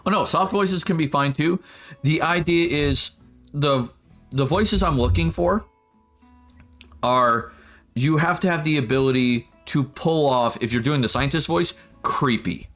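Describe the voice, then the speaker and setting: A man's voice: a little high, unhurried, a bit bright, soft background music. A man streaming a game, chatting casually and laughing often as he rambles. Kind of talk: casual live-stream chat.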